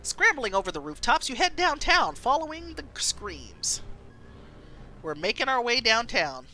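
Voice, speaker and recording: A woman streamer reading a story game aloud, expressive and playful, reacting as she goes. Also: a little high, measured pace, slight background noise.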